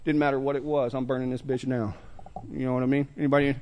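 A man's voice: medium pitch, level tone, fast talker, darkish tone. A man sharing his recovery story at a meeting, telling it with street slang and laughter. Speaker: recovery speaker. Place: meeting room with audience.

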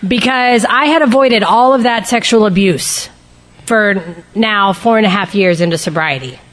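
A woman's voice: mid-range voice, normal speed, fairly bright tone, slight background noise. A woman speaking candidly and emotionally to a recovery group, sharing her personal testimony and shifting her pace for emphasis.

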